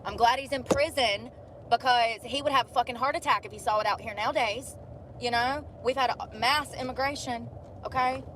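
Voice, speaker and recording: Slightly high, a little fast and fairly bright, this vlogger's voice carries over noisy street sounds outdoors. The woman, in her thirties, chats casually, blunt and rambling, cursing freely as she shares her stories.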